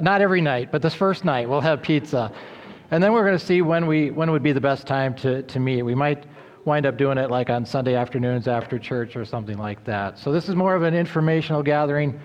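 A man preaching a sermon as pastor, in an earnest, steady manner with a few filler uhs. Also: mid-range voice, big-room sound. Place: church.

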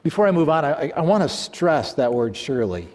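A man preaching with slow, deliberate emphasis in a fairly high voice, often letting his phrases fade low and quiet. A long reverb trails after his words. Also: sing-song. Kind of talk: sermon. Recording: echoey hall reverb.

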